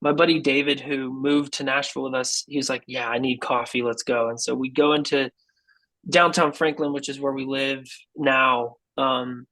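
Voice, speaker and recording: A man's voice: mid-range voice, level tone, moderate pace, sharp tone, low-quality recording. A man guest on a podcast telling a personal story in a casual, earnest way, often saying "dude" and "like.". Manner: acts out quoted people in his story. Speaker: guest musician.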